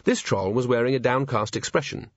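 A man's voice: mid-range voice, fairly quick, no echo, highs cut off. Man narrating an audiobook, dry sound. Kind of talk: scripted narration.

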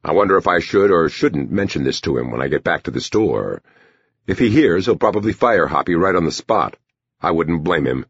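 A man's voice: sits low, expressive, a little fast, breathy edge, no room sound, exaggerated voice. A man voicing a cold, dismissive young working man with a curt, aloof manner. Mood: musing. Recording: dull lo-fi recording.

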